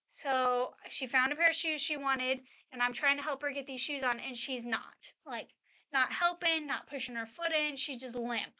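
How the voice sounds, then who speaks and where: A woman's voice: high-pitched, steady tone, normal speed, pushed and bright. A woman in her thirties chatting on a podcast, telling a rambling personal story full of "like". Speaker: podcast co-host, mother. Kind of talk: casual chat, personal storytelling.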